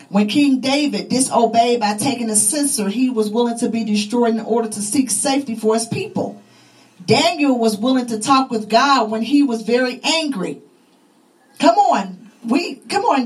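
A woman's voice: on the high side, low-quality recording. A woman preaching a sermon, fervent and repetitive, her voice rising and falling with emphasis.

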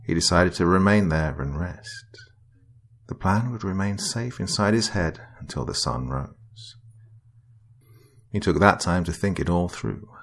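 A man reading a horror story as narrator in a slow, dramatic storytelling manner. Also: deep voice.

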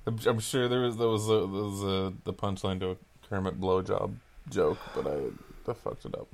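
A man's voice: sits low, moderate pace, vocal fry. A man in his thirties co-hosting a podcast, telling stories in a crude, jokey way. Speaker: podcast co-host. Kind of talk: casual chat.

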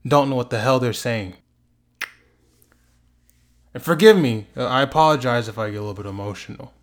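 A man's voice: medium pitch, fairly quick. A young man hosting his own sports talk show, ranting passionately and drawing words out for emphasis. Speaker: host. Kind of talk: emphatic sports commentary vlog.

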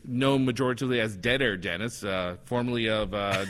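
A man's voice: on the low side, moderate pace, a bit bright. A man hosting a podcast in casual chat, easygoing and often laughing. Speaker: podcast host.

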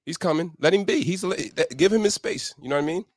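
Speaking fast and with emphasis, a male accountability coach motivates listeners on a podcast, shifting pitch to play out his inner voice. The studio podcast mic captures him at studio quality without any room sound.

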